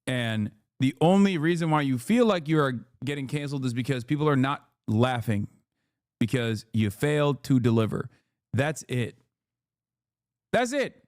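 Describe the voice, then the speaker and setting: A man's voice: mid-range voice, moderate pace, a little mellow, no room sound. Man in his thirties, streamer, profane rant, hammering repetition, dry close sound. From United States. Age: 30s. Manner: emphatic, profane, repeats himself for stress. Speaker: streamer and political commentator. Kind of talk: casual ranting commentary.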